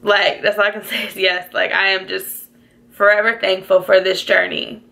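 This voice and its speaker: A woman's voice: medium pitch, flat delivery, normal speed, vocal fry, bright, forceful tone. A young woman telling her life story in a casual, chatty vlog, close to tears and full of "like"s and "y'all"s. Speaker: vlogger.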